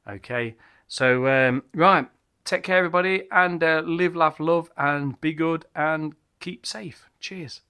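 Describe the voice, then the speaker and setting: A man's voice: on the high side, slow pace, pushed and bright, smooth. Tipsy man rambling over a beer. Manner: rambling, self-correcting. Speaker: beer reviewer. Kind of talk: casual beer review vlog.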